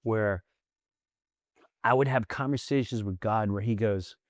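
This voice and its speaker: Brief: middle-aged male comedian, low-pitched, dry close sound, lively storytelling that acts out other voices. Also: a little slow, no echo. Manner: animated, acts out quoted voices, restarts often. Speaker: comedian guest. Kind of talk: candid storytelling interview.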